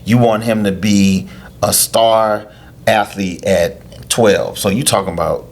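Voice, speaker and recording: A man, a youth lacrosse coach, explaining things in a casual interview with drawn-out hesitations. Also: fairly low pitch, fairly even intonation. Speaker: head coach of a youth lacrosse team, podcast guest.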